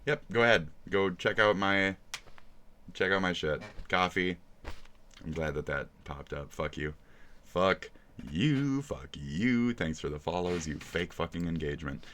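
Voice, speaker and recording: A man's voice: sits low, steady tone, moderate pace, bright, forceful tone, slight background noise. A man streaming live, ranting and mocking with crude swearing in casual reaction talk.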